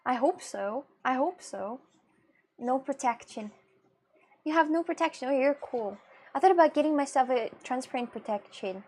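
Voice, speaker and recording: A woman's voice: high voice, lively intonation, moderate pace, a little mellow, husky. A young woman chatting casually with her viewers while drawing on a livestream, laughing often and reacting to chat. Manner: giggly, chatty, talks to viewers. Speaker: streamer.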